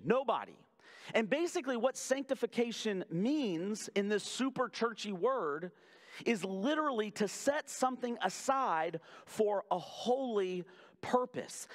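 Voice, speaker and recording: A male pastor delivers his sermon in a notably high voice, talking to the congregation like a friend. He mixes sarcastic asides with phrases he stretches out slowly for weight. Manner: conversational and animated, with sarcastic asides and emphatic slow phrases.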